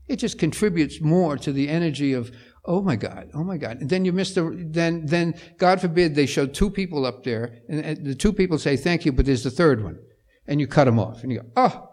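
A man's voice: on the high side, fairly quick. An older man, a composer-conductor, telling anecdotes to a luncheon audience and acting out the voices of people in his stories. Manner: animated storyteller who acts out quoted voices.

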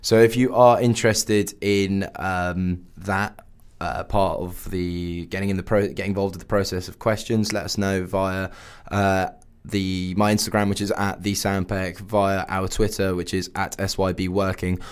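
A man's voice: sits low, little pitch movement, normal speed, clear, resonant tone. A man hosting a radio show, chatting casually and rambling with lots of fillers.

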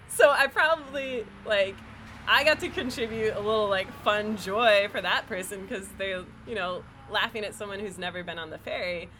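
A woman from New York telling a personal story as an interview guest, animated and full of "like" fillers. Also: mid-range voice, normal speed, slight background noise. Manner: animated, filler-heavy with lots of "like". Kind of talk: casual storytelling.

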